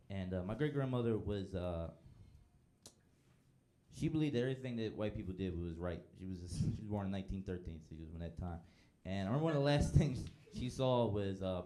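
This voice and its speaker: A low-pitched, mellow male voice carries a stand-up set in front of a live audience. He keeps things relaxed and laid-back while performing the quoted voices himself.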